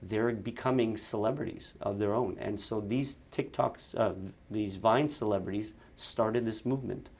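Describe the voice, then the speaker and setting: Man with a fairly low voice, chatty storyteller. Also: husky. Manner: lively storyteller, quick bursts, frequent restarts. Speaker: actor and content creator, guest. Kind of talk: casual interview chat.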